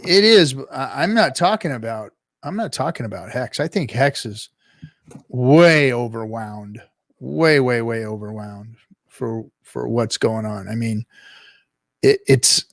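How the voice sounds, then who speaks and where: A man's voice: medium pitch, vocal fry, no echo, clean studio sound. Rambling man hosting a live stream. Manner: rambling, halting, many restarts. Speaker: podcast host. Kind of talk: casual live-stream chat.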